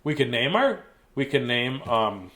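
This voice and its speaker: A man's voice: mid-range voice, very animated, unhurried, a little hiss or hum. A man chatting playfully to young viewers after a bedtime story, in a goofy mood, then singing a good-night song. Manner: goofy, playful, warm sign-off. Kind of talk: casual bedtime chat to viewers.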